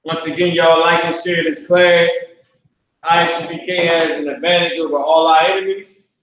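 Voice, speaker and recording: A man with a fairly high voice teaches a class in a loose, slangy way, blunt and profane and prone to side remarks. His voice rings around a hard classroom with strong echo. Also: little pitch movement, normal speed, a bit bright. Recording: very echoey room.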